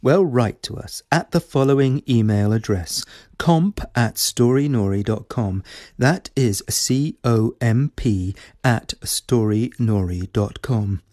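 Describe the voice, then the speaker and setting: A man's voice: mid-range voice, takes it slowly, a little mellow, dry recording, studio quality. A man hosting a story podcast, addressing listeners in a friendly way and inviting their answers. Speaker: host.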